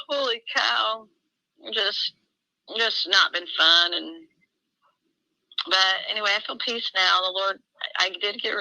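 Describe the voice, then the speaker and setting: A middle-aged woman speaks fervently in an emotional personal conversation. Her voice is gravelly with fry and has a very sharp, tense edge. The sound is dry and close. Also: on the low side, no room sound, poor audio. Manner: fervent, quotes dialogue in a swinging voice.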